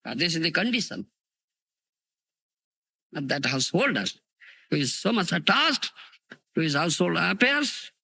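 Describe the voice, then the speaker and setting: A man's voice: fairly high pitch, normal speed, gravelly, pauses often, husky, no room sound. A man with an Indian English accent lecturing on scripture in a 1992 recording, telling stories with lots of animation and checking often with his listeners by asking whether they understand. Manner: animated storytelling, frequent "you understand?" and "huh?" checks. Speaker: spiritual teacher. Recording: dry close 1990s tape.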